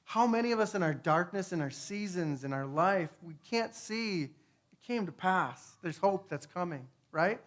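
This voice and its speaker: A man giving a conversational testimony sermon, earnest, swinging between hushed and fervent, with frequent tag questions. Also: high voice, expressive, normal speed, hardly any pauses. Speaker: speaker.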